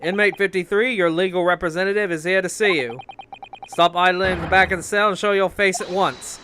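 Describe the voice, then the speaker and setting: A man's voice: high voice, brisk, bright, forceful tone, a little hiss or hum. A man voicing a stern male prison guard who gives curt orders, with game music behind. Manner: commanding, curt.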